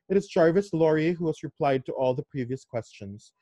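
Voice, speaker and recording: A man's voice: fairly high pitch, lively intonation, brisk, few pauses, dark tone, no echo. A man reading a classic novel aloud, breaking off for chatty, enthusiastic asides. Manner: chatty, enthusiastic asides, mixes in local words. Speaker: book reader. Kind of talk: casual book reading with commentary.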